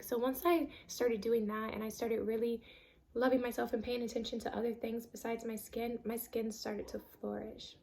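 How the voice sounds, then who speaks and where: A woman's voice: on the high side, mellow, slight background noise. A woman giving an earnest, emphatic self-help talk on a vlog, repeating phrases for stress. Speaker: vlogger.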